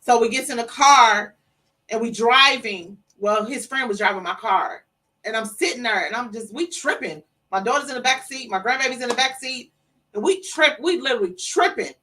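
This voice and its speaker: Middle-aged woman, interview guest, emotional storytelling, a little high, slightly distant mic. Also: moderate pace, slight background noise. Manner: emotional, animated retelling with acted-out quotes. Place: studio.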